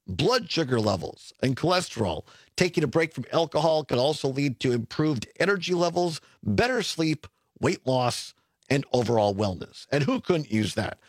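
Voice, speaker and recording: A man's voice: fairly high pitch, slightly rough, dry recording, clean studio sound. A middle-aged man hosting a radio talk show, chatting casually with frequent chuckles and self-corrections. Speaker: radio host. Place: radio studio. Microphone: studio mic.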